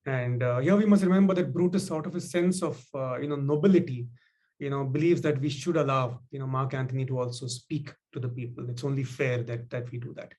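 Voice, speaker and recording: A man giving a loose, halting talk on leadership, full of "you know" and "uh" fillers, quoting lines from a classic speech. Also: medium pitch, a little mellow. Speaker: speaker on leadership. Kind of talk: casual explanatory talk.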